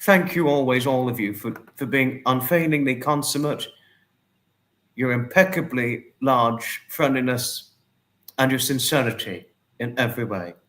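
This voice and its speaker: A man hosts a casual livestream and reads out viewer comments. He greets each person by name and thanks them at length. His voice sits at an ordinary middle pitch. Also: unhurried, fairly bright tone. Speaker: livestream host.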